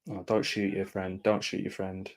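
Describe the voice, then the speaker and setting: A man giving casual live commentary over a film, reacting aloud and often dropping into quiet mumbled asides. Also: deep voice, monotone, normal speed.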